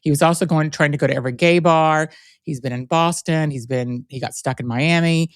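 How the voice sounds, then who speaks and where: A man's voice: on the high side, fairly quick, smooth, dry recording. A man hosting a podcast in a casual, rambling and playful way. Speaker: podcast host.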